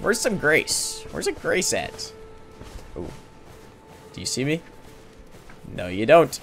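A young man talking through a game as he plays, excitable and chatty, often yelping in surprise and talking to the characters on screen. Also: slow. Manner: excitable, talks to the game, jumps to high yelps. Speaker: streamer playing a game. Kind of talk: let's play commentary. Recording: game music in the background.

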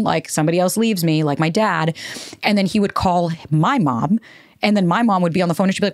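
Low-voiced candid woman podcast host. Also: fairly quick, no room sound, studio quality. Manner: candid, swears freely, acts out quoted people. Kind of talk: casual solo podcast talk.

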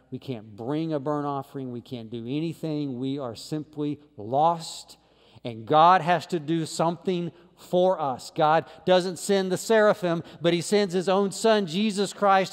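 Man, pastor, sermon, rises loud then drops soft, slightly high pitch, long hall reverb. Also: smooth. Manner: swings from loud emphatic lines to low quiet ones. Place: church sanctuary.

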